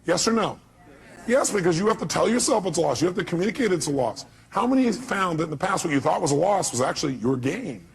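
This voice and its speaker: A man's voice: high-pitched, big pitch swings, fast talker, gravelly, a crowd in the background. Emphatic male motivational speaker, raised voice. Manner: emphatic, fires rhetorical questions at the audience; blunt, occasional profanity. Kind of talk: live seminar talk.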